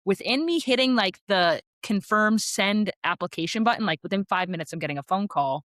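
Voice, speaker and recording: A woman in her thirties, a podcast guest telling her story in a casual, chatty way, full of "like" fillers and quick asides. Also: mid-range voice, expressive, fairly bright tone, no room sound, clean studio sound. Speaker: podcast guest, sales rep.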